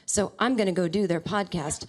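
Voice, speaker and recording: A woman comedian impersonating a soft-spoken male pop star who is smitten and coolly flirtatious, in a low, hushed murmur. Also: normal speed, close to an everyday voice.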